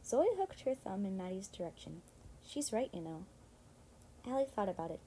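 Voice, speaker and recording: A woman reading a middle-grade story aloud as narrator, lively and lightly voicing the girls' lines. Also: medium pitch, normal speed, a little hiss or hum, low-quality recording. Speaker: audiobook narrator. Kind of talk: scripted narration.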